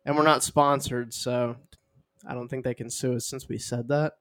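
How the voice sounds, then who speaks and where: A man's voice: medium pitch, steady tone, normal speed, fairly bright tone. A young man co-hosting a podcast, chatting casually and acting out silly made-up scenes. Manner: goofy, riffing, acts out silly scenes. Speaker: podcast co-host. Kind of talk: casual chat.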